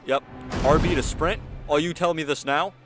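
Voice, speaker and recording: This man's voice is a little high and fairly even, at a moderate pace over music, as he hosts a let's-play on his gaming channel. He speaks casual slang such as "bro" and "y'all" to the screen and yelps jumpily whenever something scares him.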